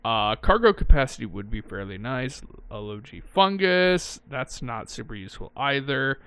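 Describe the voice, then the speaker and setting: A man's voice: medium pitch, very animated, normal speed, fairly bright tone, clear, resonant tone. A man giving casual gameplay commentary, thinking aloud and correcting himself, with frequent swearing. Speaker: let's-play gamer.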